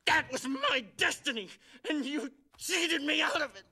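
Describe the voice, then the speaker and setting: An actor playing a bitter, wounded army lieutenant with a raspy voice, speaking accusingly. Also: male voice, very high-pitched, expressive, a little slow, sharp tone, heavily acted.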